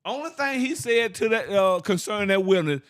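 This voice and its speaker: A man with teaching scripture informally, asking rhetorical questions, laughing and reading verses slowly. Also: sits high, lively intonation, a bit bright. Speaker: Bible teacher.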